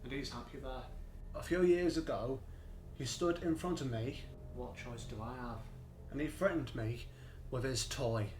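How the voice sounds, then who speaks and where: A man voicing a quiet, guilt-ridden father who defends his son in a home-made drama. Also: moderate pace, echoey room, distant mic, slight background noise, lightly acted. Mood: subdued. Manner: low, subdued, pleading.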